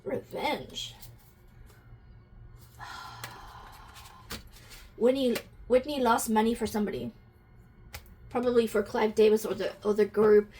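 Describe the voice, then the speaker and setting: A woman with a fairly high voice runs an intuitive energy reading for her viewers, thinking out loud and posing question after question. She talks to them directly and is quickly stirred to emotion. A faint hiss sits under her voice. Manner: questioning, musing aloud, easily moved to emotion. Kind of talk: channelled reading to camera.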